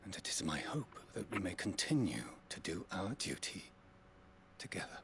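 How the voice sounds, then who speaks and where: A man's voice: low voice, sing-song, moderate pace, a bit bright, a little hiss or hum, exaggerated voice. An actor playing a solemn, devout male knight-leader who speaks in formal, courtly phrases.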